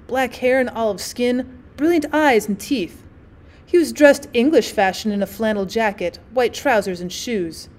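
A woman teacher narrating a classic short story as an audiobook, in a measured, expressive way. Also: on the high side. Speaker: teacher reading aloud.

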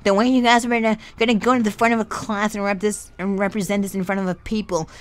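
A young man putting on the voice of a strict female teacher, mocking her lecturing, drawn-out scolding. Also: high-pitched, level tone, a little hiss or hum, voice pushed up, lightly acted.

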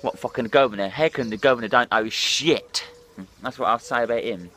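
A man's voice: medium pitch, fairly quick, pushed and bright, a little hiss or hum. A hungover man, ranting and swearing bluntly in a rambling vlog monologue while drinking. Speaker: drinking vlogger.

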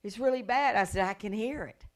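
Woman evangelist, middle-aged, revival sermon; dramatic storyteller who swells into loud, fervent preaching. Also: medium pitch, fairly quick. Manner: animated storytelling, acts out voices and gasps; rises to loud preaching cadence.

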